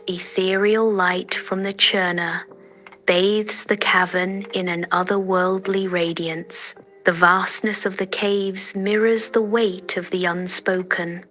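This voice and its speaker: A woman narrating a fairy tale in a gentle, measured, dreamy manner. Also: mid-range voice. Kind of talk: soft storytelling narration.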